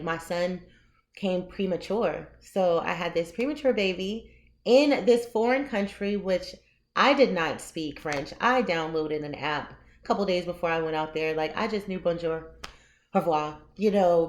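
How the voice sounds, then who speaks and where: A woman with a lowish voice tells a personal story straight to camera. Her manner is casual and lively, and laughter slips in often as she goes. She sounds like a vlogger sharing her own memories. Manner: animated, laughs often while telling the story. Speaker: vlogger and memoir author.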